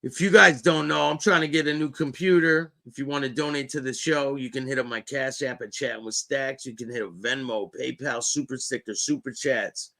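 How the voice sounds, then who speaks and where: A man's voice: mid-range voice, fairly quick, gravelly, hardly any pauses, pushed and bright. A man hosting his own show, heckling and mocking a clip as it plays. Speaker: show host. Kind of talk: reacting to a played clip.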